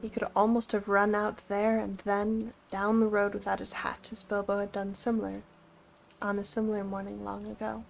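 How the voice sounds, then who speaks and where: A woman reading a novel aloud for a live stream in a steady, measured storytelling voice. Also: mid-range voice, creaky, slight background noise, poor audio. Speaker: reader.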